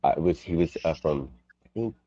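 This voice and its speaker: A man chatting casually on a live stream, rambling and sweary, with halting restarts, over a video call mic. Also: extremely low pitch, animated, heavy background noise. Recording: dull lo-fi stream audio.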